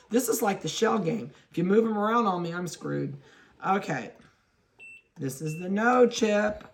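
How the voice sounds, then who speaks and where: A woman's voice: fairly low pitch, wildly swooping pitch, a little slow, creaky, pauses often, background noise. A woman dog breeder giving a chatty running commentary while handling puppies, talking to them and laughing at her own mix-ups. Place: indoors at a kennel.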